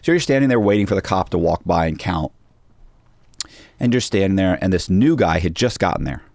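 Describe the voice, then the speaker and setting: A man with a deep, low voice tells a story in a relaxed interview, acting out each quoted line as he goes. The sound is dry and close, with no room around it. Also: brisk, gravelly, no room sound. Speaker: podcast guest.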